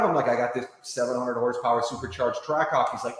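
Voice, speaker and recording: A man giving an interview, telling a fast, lively sales story and acting out the people he quotes. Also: medium pitch. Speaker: interview guest. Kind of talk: enthusiastic sales pitch in an interview. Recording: very echoey room with long reverb.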